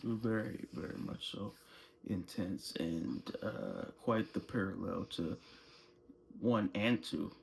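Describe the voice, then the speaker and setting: Slow, calm man. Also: low voice, creaky, a little hiss or hum. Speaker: podcast co-host. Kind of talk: casual podcast chat.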